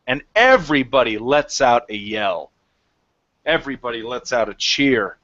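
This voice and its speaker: A man narrating as game master of a tabletop game, lively and animated, on a dry, muffled recording. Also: mid-range voice, moderate pace, no echo.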